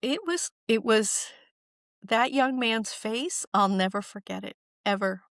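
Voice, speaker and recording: A woman, an author appearing as a podcast guest, telling stories in a warm-hearted, emphatic way and acting out the quotes. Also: fairly high pitch, measured pace, dry recording, clean studio sound. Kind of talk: conversational storytelling.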